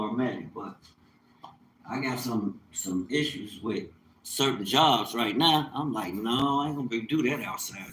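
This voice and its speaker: A man holds forth on a casual livestream, rambling from point to point with emphatic, sermon-like stretches. His voice sits at an ordinary middle pitch for a man. A faint hum runs under his talk. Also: fairly bright tone, poor audio. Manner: rambling, emphatic, preachy at times. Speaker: livestream host, mobile mechanic.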